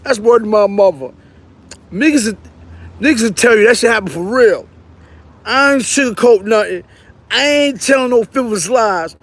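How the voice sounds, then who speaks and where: A middle-aged man from Brownsville with a New York accent, telling a story in casual, animated street slang. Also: sits high, normal speed, long pauses, a little hiss or hum. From Brownsville, Brooklyn. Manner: animated, slangy, acts out quotes with raised voice.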